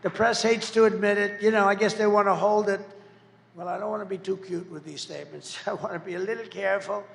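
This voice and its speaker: A man's voice: high-pitched, steady tone, fast talker, gravelly. A man giving a boastful, rambling campaign rally speech, mocking his opponents as he goes. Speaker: political candidate. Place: large rally venue. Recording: echoey hall, faint background noise.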